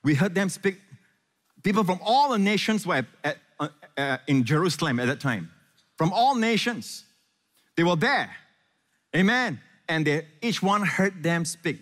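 A man preaching a sermon as pastor, impassioned, swinging from loud questions to hushed, tender reassurance. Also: high-pitched, very animated, measured pace, in a large hall.

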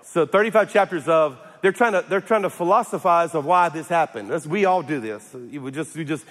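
Higher-voiced male pastor, casual and humorous sermon, often restarting, echo from the hall. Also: lively intonation, moderate pace, few pauses, fairly bright tone. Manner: humorous, repeats and restarts, calls for amens. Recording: echoey hall.

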